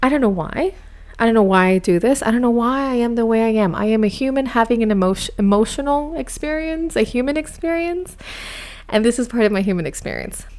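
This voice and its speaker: A woman from Miami hosting a podcast, telling a personal story in a chatty, animated, self-mocking way. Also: fairly high pitch, a little fast. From United States, grew up in Miami. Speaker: podcast host. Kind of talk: casual storytelling monologue.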